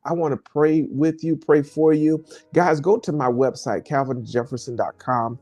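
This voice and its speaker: A pastor preaching on a livestream, leading viewers in repeated declarations and calling out to them by name. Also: male voice, on the high side, fairly even intonation, moderate pace, darkish tone, highs cut off. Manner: addresses viewers by name, speaks to the camera. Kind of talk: livestream sermon and prayer call.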